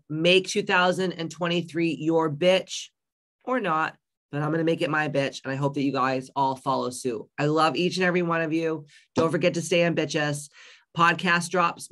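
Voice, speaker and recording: A hoarse woman hosting an online coaching community in a casual live stream, blunt, loud and heavily profane. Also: low-pitched. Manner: loud, brash and upbeat.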